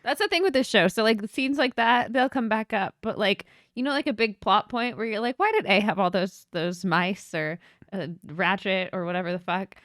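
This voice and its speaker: A woman's voice: mid-range voice, normal speed, fairly bright tone, no echo, studio quality. A woman co-hosting a podcast, chiming in with offhand, casual remarks and loose swearing. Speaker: podcast co-host. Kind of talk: casual banter.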